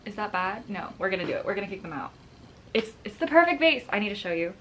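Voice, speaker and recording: A young woman vlogging casually to her viewers, excitable and nervous as she talks through her plants. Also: mid-range voice, quick pace, a little hiss or hum. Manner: excitable and nervous, gasping and laughing often. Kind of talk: casual vlog chat.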